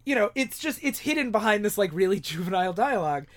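High-voiced man recapping in casual chat. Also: very animated, fast, fairly bright tone. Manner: rambling recap full of "like" and restarts. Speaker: podcast co-host.

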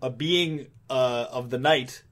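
A man's voice: medium pitch, slow pace, fairly bright tone. Man recapping a comic, rambling. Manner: rambling, filler-heavy recap. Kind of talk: casual chat, retelling a comic.

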